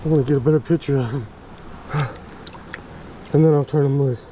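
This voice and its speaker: A man from Virginia, narrating his fishing outdoors by a creek, excitable and chatty with viewers. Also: mid-range voice, fairly quick. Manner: excitable, exclaiming, talks to viewers as y'all. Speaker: fishing vlogger. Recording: faint stream and outdoor noise.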